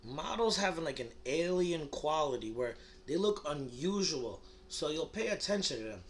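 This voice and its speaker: A man's voice: fairly high pitch, sing-song, normal speed, slight background noise. A young man with a slightly raised voice rambles through a crude, provocative comedy monologue. He talks in loose bursts, stumbling and restarting, with "like" and "you know" everywhere. A faint ambience hums behind him. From United States. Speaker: comedy vlogger.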